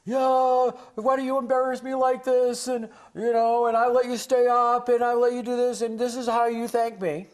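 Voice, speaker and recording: A man imitating an exasperated mother who yells at her young child in a shrill, guilt-tripping way. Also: completely flat delivery, moderate pace, few pauses. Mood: angry scolding.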